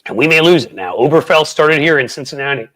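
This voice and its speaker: A man hosting a live stream, chatting casually with viewers in a rambling, animated way, with lots of restarts and fillers. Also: fast talker. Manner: animated, swings in pitch and volume. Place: Cincinnati, Ohio.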